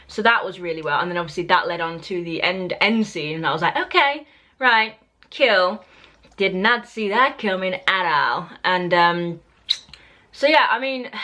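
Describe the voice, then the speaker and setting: A woman's voice: medium pitch, a bit bright. Chatty British woman reviewing TV. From Britain. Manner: chatty and opinionated, with frequent fillers and restarts. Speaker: book and TV reviewer. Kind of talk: casual review vlog to camera.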